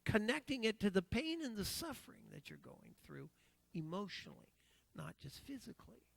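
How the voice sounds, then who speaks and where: A man's voice: high-pitched, wildly swooping pitch, moderate pace, vocal fry, no echo. A middle-aged man preaching a sermon, telling an emotional story, repeating phrases and acting out what others said.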